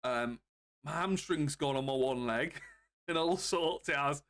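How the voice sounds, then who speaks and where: A man streaming games, chatting casually and more quietly than usual because of bruised ribs, chuckling often. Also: on the high side, a little slow. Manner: subdued, calmer than usual, with frequent chuckles. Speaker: game streamer. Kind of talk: casual live-stream chat.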